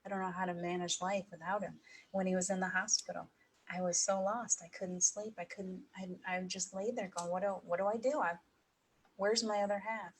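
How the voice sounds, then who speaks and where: A middle-aged woman giving a heartfelt personal talk to an audience, emotional and pausing, with soft laughs. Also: mid-range voice, fairly even intonation, slight background noise, poor audio. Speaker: speaker at an evening talk.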